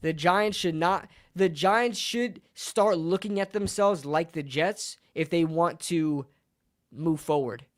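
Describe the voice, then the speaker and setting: A man's voice: fairly high pitch, slow pace. Man ranting passionately about sports. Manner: passionate, repetitive, argumentative. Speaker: sports channel host. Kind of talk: sports opinion rant.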